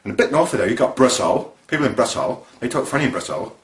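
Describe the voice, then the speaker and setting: Comic man, playful monologue, lively pitch, roomy echo. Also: fast. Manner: playful, jumpy. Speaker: comedian doing accent impressions.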